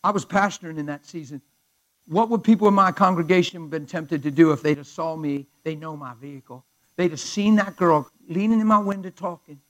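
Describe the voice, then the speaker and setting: A man's voice: on the high side, a little fast, poor audio. Fervent man preaching in a story. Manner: fervent and conversational, often dropping to a hush. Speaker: pastor. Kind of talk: storytelling sermon.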